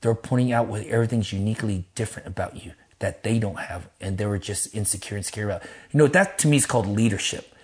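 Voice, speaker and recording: A middle-aged man, a pastor, telling his life story in an interview in a lively, casual way, acting out quotes in a raised voice and cursing freely. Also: fast talker. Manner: animated, acts out quotes in a high voice, laughs, swears casually.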